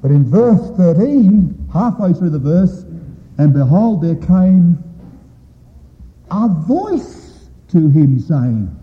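A man preaching a sermon in a high, strongly swooping voice that lingers on words for emphasis. His delivery is dramatic and rises and falls widely. The recording is dull and lo-fi, with a long reverb tail from a large hall. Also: big pitch swings, takes it slowly.

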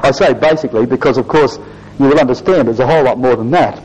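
A man preaching a Bible exposition to his congregation, emphatic and animated, often addressing them as brethren and sisters. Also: mid-range voice, fast, slightly rough, low-quality recording. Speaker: lay preacher giving a Bible talk.

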